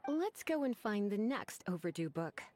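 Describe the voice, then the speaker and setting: A woman's voice: mid-range voice, big pitch swings, normal speed, a little mellow, a little hiss or hum, lightly acted. A woman voicing a prim, haughty young librarian in a video game, speaking in a proper, haughty manner over game music. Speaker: librarian collecting overdue books. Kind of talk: video game character dialogue.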